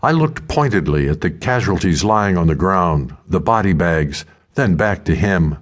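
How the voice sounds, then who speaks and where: A male audiobook narrator with a deep, low voice. He reads a first-person story in a measured, steady way.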